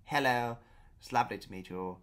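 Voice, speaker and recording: A man voicing a posh, upper-class English gentleman who talks in a halting, self-deprecating way with a posh English accent. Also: mid-range voice, natural voice. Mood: pompous, chatty.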